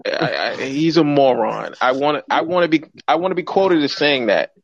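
A man hosting a call-in sports podcast in casual chat, slangy and animated, laughing often. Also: a little high, fairly quick. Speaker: podcast host. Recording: dry, dull lo-fi audio.

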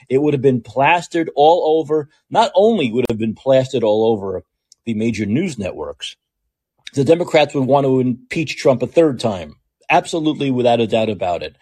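A man's voice: mid-range voice, breathy edge. A man hosting a political podcast, delivering a sarcastic, mocking commentary monologue. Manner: sarcastic, mocking, animated rants. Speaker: podcast host.

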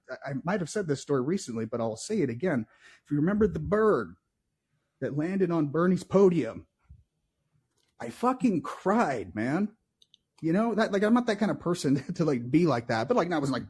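A man's voice: fairly high pitch, dark tone, breathy edge. A man co-hosting a call-in podcast, swearing heavily and stumbling over repeated words as he vents about politics. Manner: profane, emotional, repeats words when worked up. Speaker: podcast co-host. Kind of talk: heated political chat.

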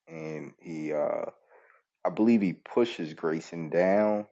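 A man's voice: very deep voice, steady tone, slow, warm tone. A male podcast host giving a loose, rambling recap of a show and often correcting himself mid-sentence. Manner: rambling, self-correcting storytelling. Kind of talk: casual wrestling show recap. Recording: dull, lo-fi call-in audio.

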